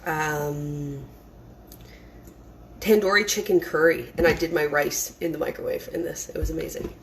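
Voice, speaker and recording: A woman with a fairly low voice talks through a cooking demo in her own kitchen. She chats loosely, trailing into fillers and restarting her sentences, with a faint hiss in the background. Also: steady tone, moderate pace, low-quality recording. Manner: chatty, rambling, frequent fillers and restarts. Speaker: home cooking presenter. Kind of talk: casual cooking demonstration. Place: home kitchen.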